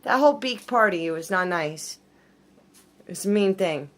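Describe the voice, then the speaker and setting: A woman's voice: medium pitch, lively intonation, unhurried. A woman at home filming her pets on a phone, talking playfully to her bird and laughing often. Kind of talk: casual chat to pets while filming.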